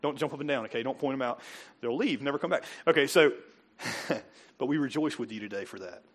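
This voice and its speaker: A man's voice: medium pitch, a little fast, breathy edge. A middle-aged male pastor preaching a casual, conversational sermon, joking with the congregation and acting out quoted voices. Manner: chatty, joking asides, acts out quoted voices.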